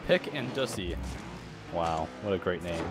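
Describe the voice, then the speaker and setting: A man chatting casually while playing a video game, excitable and sarcastic, laughing often. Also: sits low, measured pace, loud music behind the voice. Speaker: gamer and co-host. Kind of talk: casual gaming chat.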